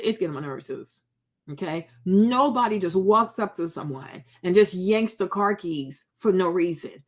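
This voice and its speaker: A woman with a high voice gives blunt, sassy reaction commentary as a vlogger. She scolds with pointed rhetorical questions and a no-nonsense edge.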